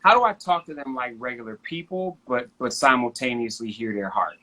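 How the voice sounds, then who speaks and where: A man's voice: medium pitch, brisk. A man in his thirties chatting casually on a video call, telling family stories animatedly and acting out his children's voices. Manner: animated storytelling, acts out his kids' voices. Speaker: guest. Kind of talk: casual chat.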